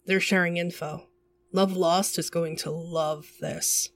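A woman's voice: on the low side, steady tone, slow, loud music behind the voice. A woman playing a crude menacing villainess. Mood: sly. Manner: coarse, profane, commanding.

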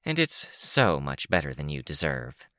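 A man voicing a young woman who threatens softly, barely above a whisper, in an audiobook. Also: very deep voice, huge pitch swings, moderate pace, dry recording, clean studio sound, heavily acted. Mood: contemptuous.

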